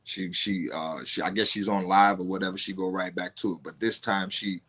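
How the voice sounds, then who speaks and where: A man with a low, steady voice that's a bit bright and slightly rough, appearing as a podcast guest. He tells a personal story in casual, profane talk, halting often and restarting many times.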